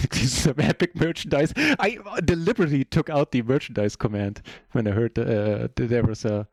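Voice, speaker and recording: A German man, a native German speaker, commentates his own poker game on a live stream, chatting casually in a relaxed, self-deprecating way. His voice is medium-pitched at normal speed, with clean studio sound and no room sound.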